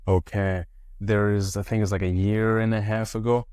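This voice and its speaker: Low-voiced, halting podcast host. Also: male voice, level tone, a little mellow, clear, resonant tone, no room sound, studio quality. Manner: halting, repeats words, thoughtful. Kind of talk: interview questions.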